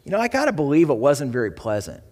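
A man preaching as pastor to his church, with an animated delivery, rising for emphasis and slowing for dramatic pauses. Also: fairly high pitch, big-room sound. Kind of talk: sermon. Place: church sanctuary.

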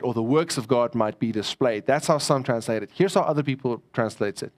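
A man's voice: mid-range voice, animated, brisk, hardly any pauses. A man preaching a sermon as pastor, conversational and joking with his congregation.

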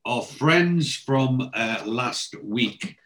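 A man's voice: mid-range voice, expressive, very slow, fairly bright tone, poor audio. A man casually recapping a TV episode, rambling with many fillers.

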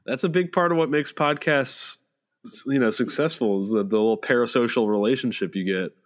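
A man's voice: medium pitch, fairly quick. A young man co-hosting a casual podcast, thoughtfully explaining his points. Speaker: podcast co-host.

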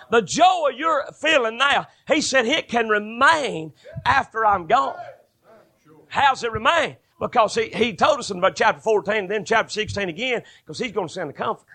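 Man, preacher, fervent sermon, very high voice, bright and forceful tone. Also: expressive, moderate pace. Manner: fervent, rising to shouted bursts.

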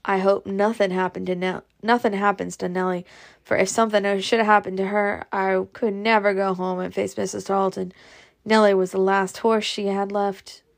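A woman voicing a calm, kindly Southern gentleman near seventy, soft and reassuring in manner. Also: mid-range voice, normal speed, gravelly, lightly acted.

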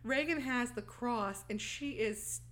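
Brief: woman podcast host, bright high-ish voice, loose storytelling recap, laughs a lot. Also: takes it slowly. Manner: laughs often, acts out lines while retelling. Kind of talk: casual plot recap chat.

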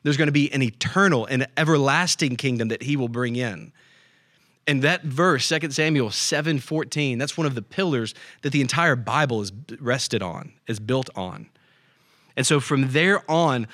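A man's voice: medium pitch, a bit bright, dry recording, studio quality. A man preaching a conversational sermon as a pastor, often checking in with his listeners. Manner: conversational, asks the room "right?".

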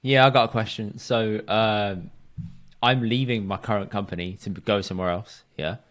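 A man's voice: fairly low pitch, steady tone, normal speed, a bit bright. Playful man, casual podcast talk. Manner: joking, swearing, playful. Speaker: podcast co-host. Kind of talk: casual chat.

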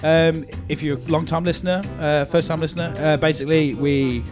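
A man's voice: a little high, fairly even intonation, a little fast, music in the background. Teasing man hosting a comedy podcast. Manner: jokey, teasing, laughs often. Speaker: podcast host. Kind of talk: casual comedy chat. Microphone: podcast microphone.

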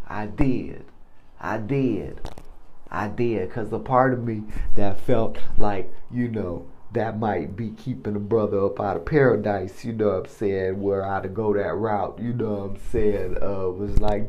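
A man with a fairly low voice spins a rambling personal story, unhurried and full of slang fillers. He laughs often and keeps an easy, playful tone. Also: very animated, a little mellow, a little hiss or hum. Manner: casual slang, much "you know" and "man". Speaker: podcast host. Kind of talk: casual testimony monologue.

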